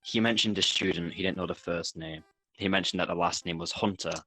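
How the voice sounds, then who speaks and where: A man's voice: deep voice, fairly even intonation, fairly quick, pushed and bright, no room sound, low-quality recording. A man playing a tabletop role-play game, blunt and exasperated with his partner. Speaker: player, podcast host.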